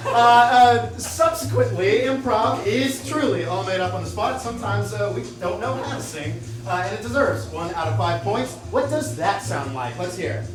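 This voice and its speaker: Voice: mid-range voice, expressive, normal speed, hardly any pauses. An improv show host hyping up a live comedy audience on a club stage, upbeat and playful. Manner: upbeat, playful, laughs between lines. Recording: echoey room, mic far off, loud crowd and music.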